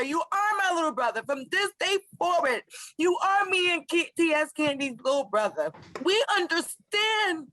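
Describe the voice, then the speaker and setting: A woman's voice: very high voice, very animated, normal speed, no echo, low-quality recording. A woman in her forties, an advocate and organizer, speaking with fiery passion through tears. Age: 40s. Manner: fiery, impassioned, shouting out. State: crying. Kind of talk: emotional podcast testimony.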